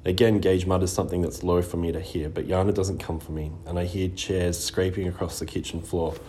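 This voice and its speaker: A man narrating a first-person story in a steady, even reading voice. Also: sits low, brisk, a little hiss or hum. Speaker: audiobook narrator.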